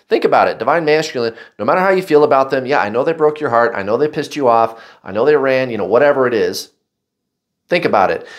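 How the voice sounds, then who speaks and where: A man giving a casual tarot card reading, chatty and blunt, swearing freely and often calling out to "guys". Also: mid-range voice. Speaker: tarot reader.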